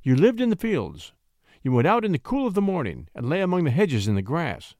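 A man's voice: a little high, big pitch swings, fairly quick, darkish tone, no echo, clean studio sound, voice pushed up. A man doing a melancholy, brooding king. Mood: wistful. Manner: wistful, lingering musing. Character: melancholy brooding male king, dreamy and weary.

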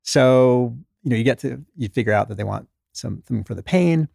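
A middle-aged guest, once a doctor and now an author, tells stories in a conversational interview, bringing his patients' quotes to life by acting out their voices. He talks a little fast with hardly any pauses, in a gravelly medium-pitched voice. The sound is studio quality with no echo.

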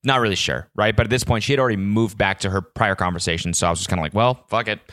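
A man's voice: fairly low pitch, very fast, fairly bright tone, no echo, studio quality. A man hosting a solo podcast, telling a story as an exasperated rant full of swearing. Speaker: podcast host.

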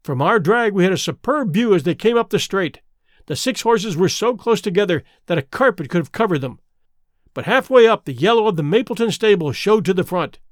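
A man narrating a story aloud in a clear storytelling manner. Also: high-pitched, animated, brisk, dry recording, clean studio sound. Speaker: audiobook narrator. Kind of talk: scripted narration.

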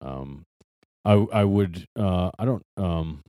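A man's voice: deep voice, expressive, takes it slowly, dark tone, no room sound, clean studio sound. A man co-hosting a sports podcast in casual chat, hesitant and full of restarts, then giving blunt opinions. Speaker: podcast co-host.

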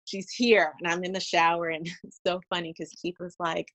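A young woman telling her birth story in a casual conversation, animated and laughing, acting out her own past lines. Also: on the low side, moderate pace.

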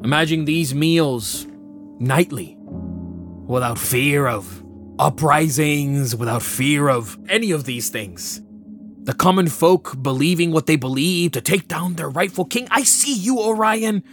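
A man's voice: fairly high pitch, unhurried, faint music behind, close to an everyday voice. A man voicing an impassioned male envoy who pleads and then raises his voice in fervent speech, in a tabletop game. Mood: persuasive. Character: impassioned male envoy, persuasive, grows loud.

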